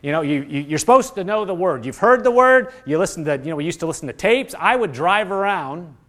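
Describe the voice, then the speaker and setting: A middle-aged man delivers a sermon in a notably high voice. He talks emphatically, slipping into fervent acted-out prayers and declarations of faith. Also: animated, brisk, a bit bright. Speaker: preacher.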